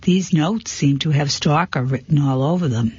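Give me a man doing a teasing, supportive young sidekick, husky and dry. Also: fairly high pitch, moderate pace, a little mellow, no echo. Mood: wry. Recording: dull, lo-fi, dry.

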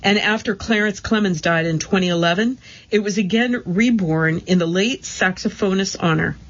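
A woman giving a steady, measured scripted narration of magazine articles. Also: medium pitch, highs cut off.

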